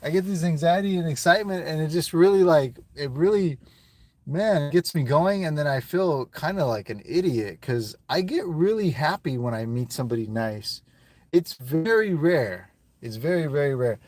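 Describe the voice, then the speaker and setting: A man's voice: fairly high pitch, lively intonation, normal speed, darkish tone, no echo. A man talking casually to viewers on a live stream from his phone, rambling and emotional and swearing often, seemingly from inside a car.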